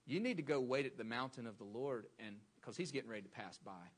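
A man's voice: mid-range voice, lively intonation, quick pace, breathy edge. A man preaching a sermon as pastor, speaking in a mid-range voice. He is emphatic and repeats phrases to drive points home.

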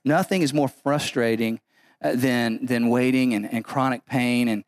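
A man's voice: mid-range voice, unhurried, no echo, studio quality. A man preaching a sermon as pastor, emphatic and repetitive, often restarting his phrases.

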